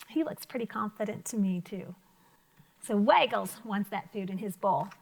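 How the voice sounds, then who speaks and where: With a creaky voice on the high side, a woman teaches children vocabulary in her elementary classroom. She keeps the pupils encouraged through questions and praise.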